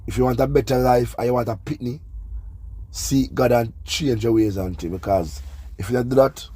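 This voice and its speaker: Husky Jamaican man ranting gossip. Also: mid-range voice, moderate pace, mellow, no room sound. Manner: chatty, repeats "you see me I say", scolding. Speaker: gossip channel host. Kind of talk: casual commentary monologue.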